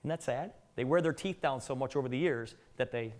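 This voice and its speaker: A man's voice: medium pitch, a little fast, darkish tone. A middle-aged man giving a live business presentation to an audience, telling joking stories and putting questions to the room.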